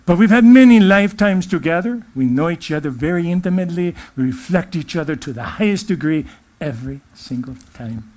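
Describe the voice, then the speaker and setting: A man channeling a benevolent otherworldly male spirit, giving a gentle, uplifting spiritual address in a put-on English-sounding accent. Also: on the high side, expressive, fairly quick, hardly any pauses, natural voice.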